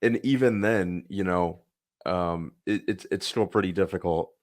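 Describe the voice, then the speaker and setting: A man co-hosting a live show, speaking in a measured way with some hesitant fillers. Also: low voice. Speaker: podcast co-host. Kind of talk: casual live-stream chat.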